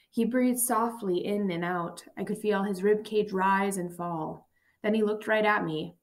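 A woman's voice: medium pitch, steady tone, moderate pace. Woman reading a somber memoir aloud. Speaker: audiobook narrator. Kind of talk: first-person memoir narration.

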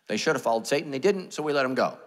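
A man preaching a sermon as pastor, animated and joking, dropping to a hush and jumping up loud. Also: medium pitch, rapid-fire, long reverb tail. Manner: animated, joking, swings between loud and hushed. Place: church sanctuary.

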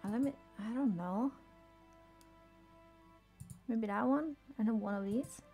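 A woman's voice: a little high, unhurried, warm tone, soft background music. A woman streaming a video game, chatting with her chat and swearing when things go wrong. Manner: swears often, exclaims in frustration; chatty, reads chat aloud and answers it. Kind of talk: casual gameplay commentary.

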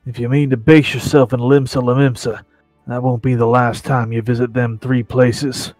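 A man's voice: mid-range voice, flat delivery, moderate pace, a little mellow, no room sound, pitched below the performer's own voice, lightly acted. A man voicing a kindly old male harbor guide with a homely drawl, with faint music behind. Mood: folksy.

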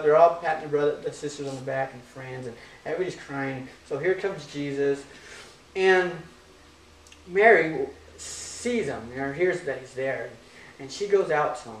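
A man's voice: fairly high pitch, normal speed, distant mic. Casual preaching man in an echoey hall. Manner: casual, conversational preaching with jokes and asides. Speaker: pastor. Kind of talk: sermon.

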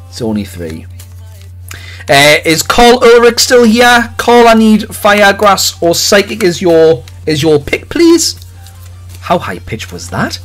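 A man hosting a live card-opening stream, chatting excitedly with viewers and calling out their names. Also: a little high. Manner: excitable, jokey, rapid swings between loud cheers and quiet mutters. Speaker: livestream host opening trading cards.

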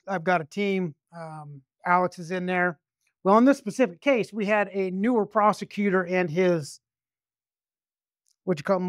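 A high-pitched man speaks as a detective telling a story casually, rambling, restarting often and swearing freely. The recording is studio quality with no echo.

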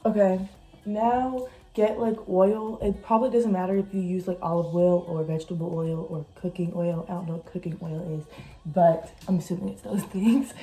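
A mellow, lowish female voice with fairly even intonation and a moderate pace belongs to a young woman vlogging her cooking in her home kitchen. She chats in a scattered way, leaning heavily on "like." The recording is rough, with background music playing underneath.

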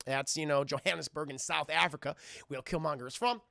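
A young man streaming a rambling, profane film recap to his chat, full of fillers and sudden loud voiced impressions. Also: a little fast, gravelly, no room sound, clean studio sound. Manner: jumps into loud high-pitched impressions of characters. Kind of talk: animated recap with voiced quotes.

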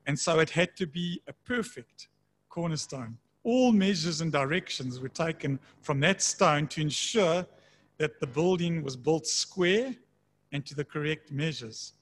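A man preaching a sermon in a conversational way, slowing down to read scripture aloud. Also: on the high side, expressive. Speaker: pastor.

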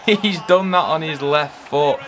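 An English man chatting casually while playing a football video game, yelling player names and cracking jokes. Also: fairly high pitch, measured pace, slight background noise. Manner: excitable, yells player names, chatty banter. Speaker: gaming video host.

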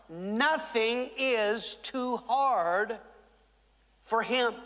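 A man pastor preaching a sermon, with dramatic pauses and acted-out quotes. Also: sits high, bright, forceful tone. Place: large church hall. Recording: reverberant church hall.

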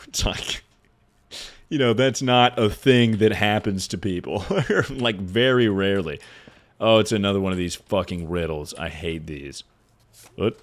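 A man's voice: fairly low pitch, normal speed. A man streaming a game while drinking, tipsy, rambling and swearing as he chats and laughs. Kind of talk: casual game-stream chatter.

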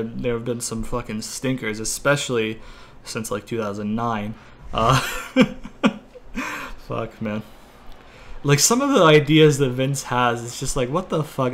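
A man sits at his desk mic talking over his own gameplay in a loose, rambling way. He curses often, trails off mid-thought and bursts out at every move on screen. His pitch sits right in the everyday middle for a man. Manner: rambling, profane, reacting loudly to the game. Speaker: gaming channel host. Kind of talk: casual gameplay commentary. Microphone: desk microphone.

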